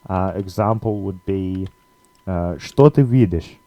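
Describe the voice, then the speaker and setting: Low, dark-voiced man teaching a language. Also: takes it slowly, no room sound. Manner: relaxed, with frequent fillers and laughs. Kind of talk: casual language lesson.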